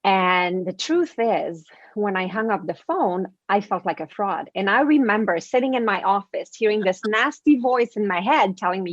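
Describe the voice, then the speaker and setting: Guest coach, woman, animated storyteller, muffled lo-fi line, dry. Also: medium pitch, moderate pace, hardly any pauses, no room sound. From French-speaking. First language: French. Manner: lively storytelling, acts out inner voices. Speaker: guest, confidence coach and author. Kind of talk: radio interview.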